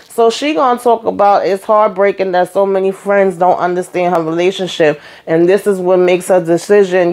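Sassy woman recapping reality TV. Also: on the low side. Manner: sassy, animated retelling with quoted voices. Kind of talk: casual recap commentary.

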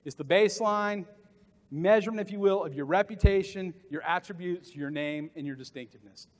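Middle-aged Southern keynote speaker, animated and jokey, voice a touch high, recorded in a big reverberant hall. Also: male voice, a little fast. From American South. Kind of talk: motivational conference talk. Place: large conference hall.

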